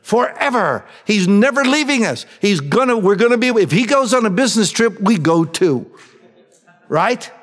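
A man with a high voice preaches a sermon. He asks the congregation questions and answers them himself. He moves between raised, emphatic lines and hushed asides, and his voice rings with the long reverb of a large hall. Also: expressive, normal speed. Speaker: pastor.

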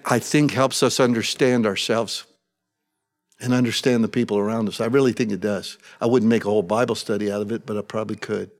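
A man preaching a sermon in a conversational way, acting out the voices he quotes and swinging from soft to loud. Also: medium pitch. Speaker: pastor. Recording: long hall reverb.

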